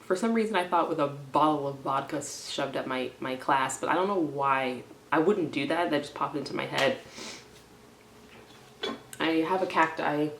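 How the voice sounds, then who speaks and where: A young woman vlogging in a stressed, rambling confessional, swinging from low mumbling to loud indignant outbursts and slipping made-up words into her speech. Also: normal speed, slight background noise. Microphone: camera in front of her. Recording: echoey room.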